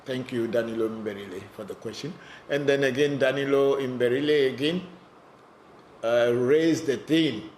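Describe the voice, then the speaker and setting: A man's voice: medium pitch, normal speed, darkish tone, a little hiss or hum. A man, a spiritual teacher, answering viewer questions in a live online session, talking bluntly and often repeating words as he goes.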